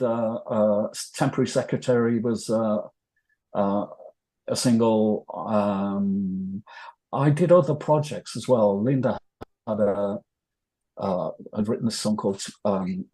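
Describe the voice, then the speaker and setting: A man's voice: fairly low pitch, dark tone. An older man with a North Welsh accent, telling rambling, self-deprecating stories as an interview guest. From North Wales. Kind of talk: casual interview storytelling.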